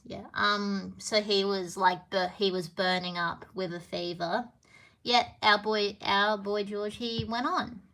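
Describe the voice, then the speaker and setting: A woman's voice: mid-range voice, bright, forceful tone. A woman hosting a trivia quiz on a casual live stream, chatty and meandering, with lots of fillers and little apologies. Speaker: livestream trivia host. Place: home with a piano.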